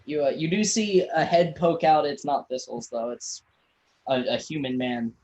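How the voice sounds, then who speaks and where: A man running a tabletop game as game master, narrating in a relaxed, halting way with many restarts. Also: fairly high pitch, low-quality recording.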